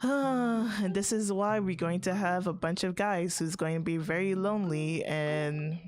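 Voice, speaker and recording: A woman's voice: lowish voice, a little slow, a little mellow. A woman streamer telling a story in casual chat, blunt and chatty, swearing freely and laughing often. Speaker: VTuber streamer. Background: faint background music.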